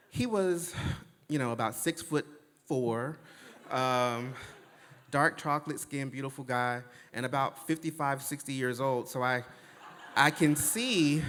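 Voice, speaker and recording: Man storyteller, dry comic timing, mid-pitched voice, echoing hall sound. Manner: wry, deadpan comic delivery. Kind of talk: live storytelling on stage. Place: stage in a hall before an audience.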